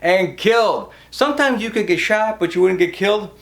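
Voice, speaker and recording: Man in his fifties for a stand-up set: wry, quick asides, lively up-and-down delivery. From Cleveland, Ohio. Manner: wry storytelling, quick asides, drops low for quoted voices. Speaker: stand-up comedian.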